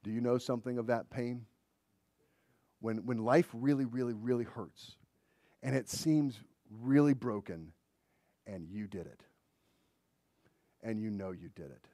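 A man preaching a sermon in a dramatic way, dropping to a hush and then rising to loud emphasis. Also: medium pitch, dry recording, clean studio sound.

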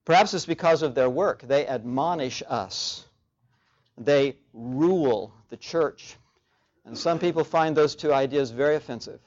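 A man with a medium-pitched, somewhat dark voice delivers a sermon at a measured pace, repeating key phrases for emphasis. The recording sounds dull and lo-fi.

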